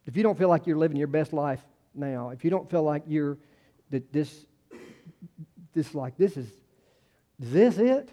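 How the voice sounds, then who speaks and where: A man delivering a sermon in a loose, conversational manner, circling back over his own phrases before pressing a point. His voice sits a little high but sounds mellow and warm. He often drops to a quieter aside, then lifts his voice for the key lines. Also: animated, moderate pace, pauses often. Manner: conversational preaching, trails off and restarts, rises for emphasis. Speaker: pastor.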